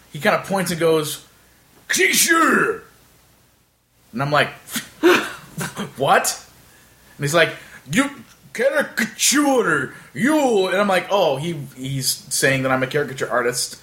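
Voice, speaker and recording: A man's voice: fairly high pitch, normal speed. Rambling man telling a story. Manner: rambling with many fillers, animated retelling. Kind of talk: casual storytelling chat.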